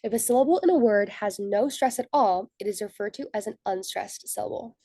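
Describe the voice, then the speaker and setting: Young woman student presenter, mellow tone, dry close sound, reads prepared slide notes in order. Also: medium pitch, brisk, dry recording.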